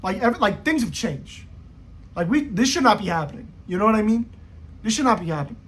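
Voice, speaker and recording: A young man with a husky, rather high voice rambles through a profane football rant. His slangy talk swings up and down in pitch as he goes. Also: lively intonation, quick pace, a bit bright. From United States. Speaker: football vlogger. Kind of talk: casual rant to camera.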